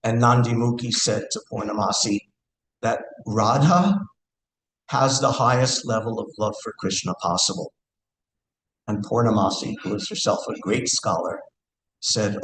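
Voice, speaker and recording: A man's voice: lowish voice, measured pace, a bit bright. A man giving a scripture class in a temple hall, speaking earnestly and thinking aloud, with hesitations and recited verse. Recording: echoey room, faint background hiss.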